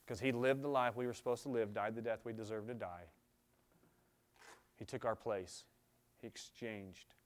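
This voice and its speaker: A man's voice: lowish voice, fairly even intonation, moderate pace. Earnest man preaching a sermon. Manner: earnest, builds to loud emphatic scripture readings, then quieter pleading. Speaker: pastor. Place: church service.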